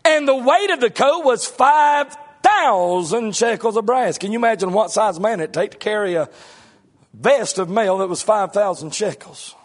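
A middle-aged man preaching a sermon in a strikingly high voice. He talks in a folksy way, breaking into shouts and then dropping to low asides. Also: moderate pace.

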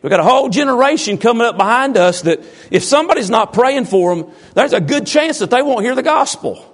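Folksy high-voiced pastor. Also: male voice, lively intonation, a little fast. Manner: folksy, teasing the congregation with questions. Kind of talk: informal sermon to a congregation.

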